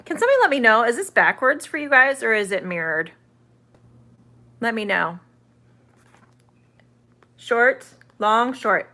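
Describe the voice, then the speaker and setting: A woman teaches English on a live stream, with a bright, clear tone. She talks unhurriedly, answers viewers' comments as they come in, and draws out each vowel sound with care. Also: lowish voice, sing-song. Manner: chatty, reads viewer comments aloud and answers them; sounds out vowels slowly and carefully. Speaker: online ESL teacher.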